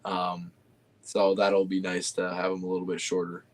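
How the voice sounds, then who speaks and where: A young man talks in an easygoing, unhurried way, his voice sitting on the low side. He hesitates often, stacking fillers and restarting sentences as he chats. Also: monotone. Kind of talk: casual chat.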